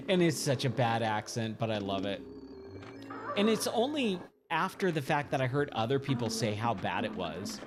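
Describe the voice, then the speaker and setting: A man's voice: mid-range voice, very animated, normal speed. A man streaming a pinball game, chatting casually and rambling, often repeating himself as he thinks aloud. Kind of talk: casual gameplay chat. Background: game music.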